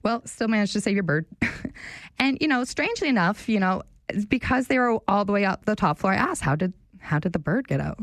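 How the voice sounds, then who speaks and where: A woman's voice: mid-range voice, fairly quick, dry recording. Chatty young woman radio host. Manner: chatty storytelling, animated. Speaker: radio show fill-in host. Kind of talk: casual talk radio chat.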